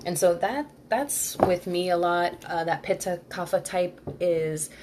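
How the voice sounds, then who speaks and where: A woman's voice: on the low side, measured pace, noisy background. A woman hosting a live-streamed workshop in a loose, chatty way, answering viewer comments as she goes. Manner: loose and rambling, full of "like" and restarts. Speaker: Ayurveda workshop host.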